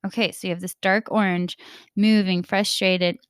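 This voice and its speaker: A young adult woman, a Catholic mindset coach and podcast host, talking casually and reflectively, animated and laughing often as she acts out bits of dialogue. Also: medium pitch, moderate pace, clear, resonant tone, no echo, clean studio sound.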